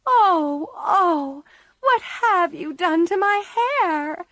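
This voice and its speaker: A woman voicing an excitable teenage girl, the older sister in a storybook reading. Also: high-pitched, a little slow, no echo, voice pushed up, exaggerated voice. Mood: distressed.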